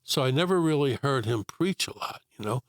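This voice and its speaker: A man's voice: medium pitch, lively intonation, fairly quick, dry recording, clean studio sound. An older man telling his life story in a casual interview, rambling with many fillers and acting out quotes.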